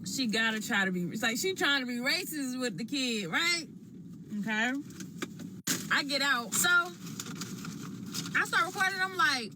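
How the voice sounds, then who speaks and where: A woman telling what happened to her in a slangy, expressive way, talking while she eats. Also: sits high, unhurried, pauses often, noisy background. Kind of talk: animated storytelling to a phone camera.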